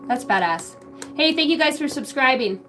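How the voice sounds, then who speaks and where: A woman's voice: high-pitched, expressive, moderate pace, sharp tone, soft background music, poor audio. A middle-aged woman hosting a tarot livestream, chatting casually, swearing often and jumping between chat comments. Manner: profane, scattered, reads chat aloud.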